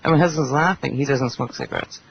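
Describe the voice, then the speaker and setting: A woman's voice: a bass voice, fast talker, gravelly. A woman chatting bluntly and at length on a roundtable talk show. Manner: blunt, talkative, quotes people in animated voices. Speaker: panelist. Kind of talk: casual roundtable chat. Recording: dull internet radio with faint hiss.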